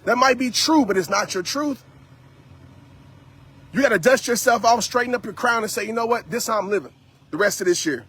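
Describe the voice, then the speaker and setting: A man's voice: very high voice, brisk, long pauses, a bit bright, slightly rough. A man giving a motivational talk to a live-stream audience while out on a walk, preachy and repetitive, speaking straight to his listeners.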